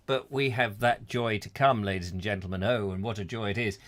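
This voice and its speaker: A man's voice: lowish voice, steady tone, brisk, a bit bright. A middle-aged man hosting a live comedy chat show, rambling through viewers' comments with puns and silly asides. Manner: rambling, punning, bursts into silly voices and song.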